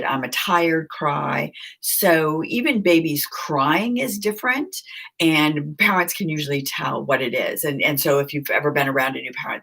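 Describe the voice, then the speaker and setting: A woman's voice: sits low, a bit bright. A woman giving a conversational recorded lecture, asking the listeners questions and repeating key points.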